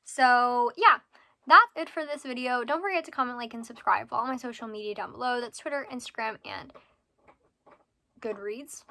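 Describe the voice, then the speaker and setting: A young woman talks casually to camera about her reading plans. Her voice is high and bright, and she rambles with many fillers and quick self-corrections. Now and then she drops into a soft whisper. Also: dry recording. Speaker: book vlogger. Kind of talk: casual book talk to camera.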